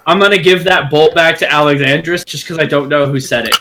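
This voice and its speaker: A man playing a tabletop game, describing his character's actions in an animated, playful way. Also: a little high, quick pace, noisy background. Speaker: player.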